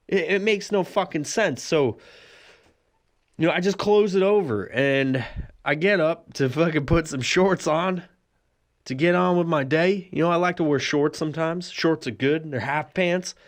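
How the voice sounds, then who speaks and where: A man's voice: on the high side, unhurried. A man hosting a solo podcast, telling a rambling, profane comic story and laughing often. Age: adult with a son. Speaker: podcast host.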